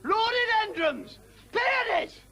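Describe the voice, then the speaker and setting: A male comedian doing an exasperated stand-up rant before a studio audience, shouting in bursts of outrage. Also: animated, faint music behind. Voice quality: exasperated shouting, high strained voice. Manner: ranting, slow and emphatic, bursts of outrage. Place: television studio with live audience.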